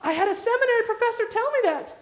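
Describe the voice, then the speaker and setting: A woman's voice: very high-pitched, animated, fast talker. A woman pastor from the American Midwest, preaching a conversational storytelling sermon and putting direct questions to the congregation. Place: church sanctuary. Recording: echoey church sanctuary.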